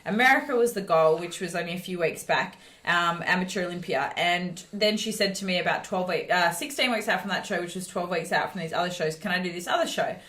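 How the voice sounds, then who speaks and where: A woman co-hosting a podcast as a fitness coach, chatting casually, blunt and swearing freely, telling stories with animated quoting. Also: fairly low pitch, brisk, hardly any pauses, roomy sound. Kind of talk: casual chat.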